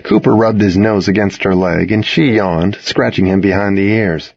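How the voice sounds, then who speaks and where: Low, husky male audiobook narrator. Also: normal speed, no room sound, highs cut off. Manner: earnest, expressive dialogue reading. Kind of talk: first-person audiobook narration.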